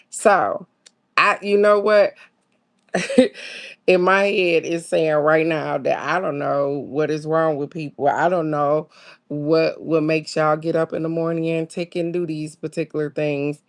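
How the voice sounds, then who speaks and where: A woman's voice: steady tone, normal speed. A woman, hosting a casual spiritual chat, reading affirmations and greeting viewers, laid-back and musing. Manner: chatty, greets viewers by name, reads affirmations aloud; laid-back, musing, with sudden high exclamations. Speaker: host of a daily card-reading stream.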